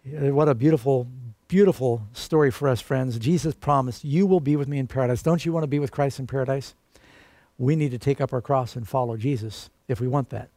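A man's voice: mid-range voice, fairly quick, dark tone, dry recording. A man preaching a sermon in an earnest, emphatic way and calling his listeners friends.

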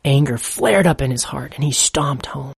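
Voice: medium pitch, normal speed, creaky, husky, dry recording, studio quality. Earnest storybook narrator.

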